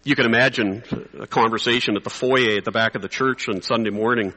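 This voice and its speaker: A man preaching a sermon to clergy, conversational and animated, sometimes dropping to a quiet, intense hush. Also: mid-range voice, quick pace, few pauses, long reverb tail, poor audio.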